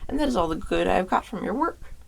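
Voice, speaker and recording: A woman voicing a gruff, scolding old woodcutter father in a storybook reading. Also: mid-range voice, expressive, fast talker. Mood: angry. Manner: scolding, impatient.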